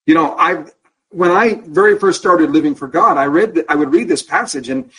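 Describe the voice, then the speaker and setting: A man teaching Scripture to a small class, talking in a candid, conversational way. His voice sits a little high and has a husky, breathy edge. He keeps checking in with his listeners and slows down on the words that matter. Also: fairly bright tone, poor audio. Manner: asks the class rhetorical questions, checking in with "okay?"; candid and personal, slows down to stress key words. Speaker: Bible study teacher.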